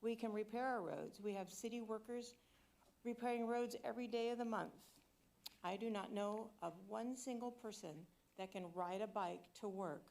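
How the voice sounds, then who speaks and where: A woman's voice: fairly high pitch, steady tone, normal speed, creaky, darkish tone. A woman firmly reading her public comment at a city council meeting. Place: council chamber.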